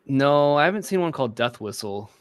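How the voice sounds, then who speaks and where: A male host talking casually over a video call, hesitant, with many pauses and fillers. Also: medium pitch, animated, clear, resonant tone, dry recording. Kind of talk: casual chat. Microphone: video call mic.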